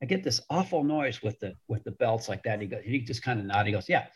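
A man's voice: mid-range voice, lively intonation, fast talker, husky. A man telling a casual anecdote, chatty, repeating words as he goes and acting out the quotes. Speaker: guest storyteller.

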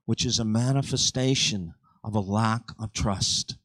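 A man's voice: fairly low pitch, measured pace, dry recording, rough recording. Male pastor preaching with sweeping volume. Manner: animated preaching with sudden surges and drops in volume; conversational asides between scripture points. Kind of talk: sermon.

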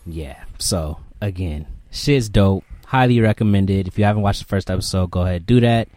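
A young man co-hosting a podcast in casual chat, relaxed and profane as he recounts reactions. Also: deep voice, moderate pace, no echo. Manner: relaxed, profane, laid-back storytelling. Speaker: podcast co-host.

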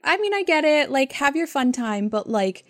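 A woman's voice: high voice, very animated, normal speed. A young woman co-hosting a chat podcast, reacting expressively with gasps and laughs. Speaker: podcast co-host.

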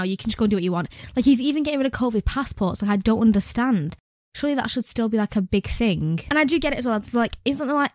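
A young British woman with an English accent rambles through a solo podcast, jumping between thoughts and dropping swear words. Her voice sounds mid-pitched. The recording is dry and close. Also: no echo. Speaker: podcast host.

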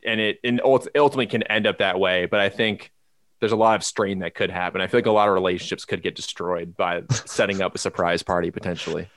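A man's voice: deep voice, steady tone, fast talker, fairly bright tone, no room sound. A man telling a long personal story in casual podcast chat, rambling with lots of fillers and restarts. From Los Angeles area. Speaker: podcast co-host.

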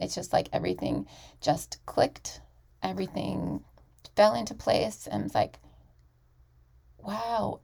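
Woman, podcast host, solo chat; candid and emphatic delivery with restarts, some vocal fry, mid-range pitch. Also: darkish tone. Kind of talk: casual solo podcast monologue.

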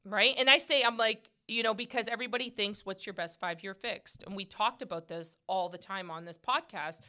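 A woman hosting a podcast, chatting casually and acting out quick quoted asides. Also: medium pitch. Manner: animated, talks fast with quick quoted asides. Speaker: podcast host. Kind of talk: casual chat.

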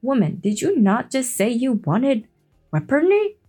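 A woman reading the lines of a careful, earnest young man in a storybook, slowly and in a mellow voice. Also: on the high side, sing-song, husky, soft background music, pitched above the performer's own voice, full character voice.

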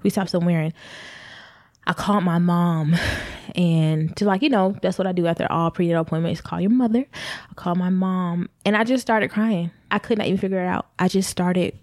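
A woman's voice: lowish voice, steady tone, a little fast, darkish tone, no room sound, clean studio sound. A young pregnant woman candidly telling a personal story to her viewers, rambling a little and speaking to them directly. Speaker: vlogger.

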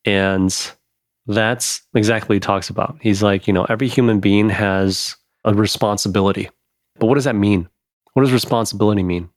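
A man hosting a podcast in casual chat, animated, laughing often and swearing freely. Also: on the low side, brisk, dry recording, studio quality.

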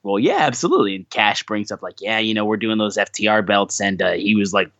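A young man co-hosting a podcast, telling stories in a casual, animated way and acting out what others said. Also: fairly low pitch, a little fast, dry recording, lo-fi sound. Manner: animated, acts out quoted voices, swears casually. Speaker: podcast co-host.

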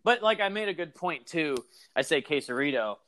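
Young male podcast co-host, fairly high voice, swears freely and acts out his anger mid-story. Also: fairly quick. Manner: animated, profane, acts out his rage. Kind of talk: casual storytelling chat.

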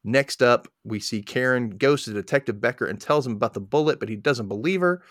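A man hosting a podcast, recapping a movie plot in casual chat as an animated storyteller with sarcastic asides. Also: mid-range voice, a little fast, dry recording, clean studio sound. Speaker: podcast host.

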